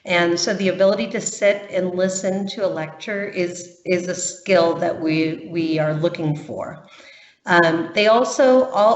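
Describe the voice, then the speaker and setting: A woman presenting camp admissions in a webinar, patient and reassuring, pausing often on ums. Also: lowish voice. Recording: muffled, roomy webinar audio.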